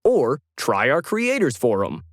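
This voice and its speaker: A man's voice: medium pitch, huge pitch swings, measured pace, no echo, clean studio sound. A man voicing a cheery automated phone menu that recites its lines in an audio story. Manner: chirpy, scripted.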